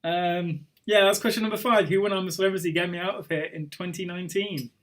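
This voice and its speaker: This young man runs a live online pub quiz, his high-pitched voice moving quickly with fairly even intonation. Between questions he chats and rambles, drifting off topic with chuckles.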